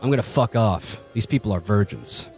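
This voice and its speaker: A smug, rakish young rogue prince , as a man puts him on, speaking lower and quieter than the narrator. His lines are muttered and dismissive in a tabletop game. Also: lively intonation, normal speed, soft background music.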